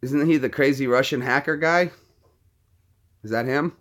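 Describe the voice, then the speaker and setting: Man, live streamer, casual chat, rambling, mid-pitched. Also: moderate pace, fairly bright tone. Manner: chatty, rambling, talks to chat. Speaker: live streamer doing impressions.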